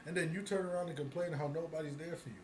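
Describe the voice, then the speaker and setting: A man from the United States co-hosts a casual talk show podcast, ranting bluntly with plenty of profanity and bursts of laughter. His voice is fairly high with fairly even intonation and a rapid-fire pace, in an echoey room with noise.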